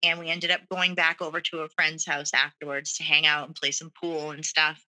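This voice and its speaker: Very bright-voiced woman telling her story. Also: lowish voice, low-quality recording. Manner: frank, conversational, with nervous laughs; casual fillers like "like" and "you know". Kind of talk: candid personal storytelling.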